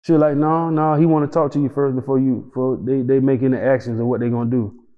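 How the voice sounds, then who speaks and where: A man, a guest in a casual interview, telling a story in an animated way, acting out the dialogue and swearing freely. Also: medium pitch, fast. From Tampa, Florida. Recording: roomy reverb, dull lo-fi sound.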